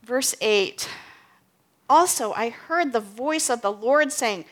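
A woman's voice: fairly high pitch, expressive, takes it slowly, fairly bright tone. A woman teaching from the Bible in a casual way, often checking in with "okay?" and "right?". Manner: reads scripture aloud with emphasis, then explains casually with "okay?" and "right?".

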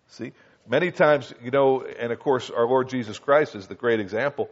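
A man preaching a conversational Bible teaching, often checking in with his listeners and slowing down to read scripture. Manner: conversational, asks listeners "Okay?" and "do you understand?"; reads scripture slowly and acts out quoted voices higher. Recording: dull lo-fi recording.

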